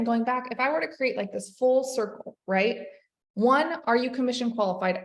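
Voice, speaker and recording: A woman leading a sales team, giving an energetic motivational talk and calling her listeners "you guys". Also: mid-range voice, reverberant. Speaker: network marketing team leader.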